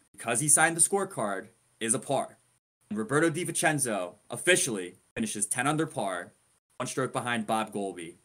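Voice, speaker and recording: A man co-hosting a podcast, telling a story in a casual way and building suspense with dramatic emphasis and animated, indignant asides. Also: mid-range voice. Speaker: podcast co-host.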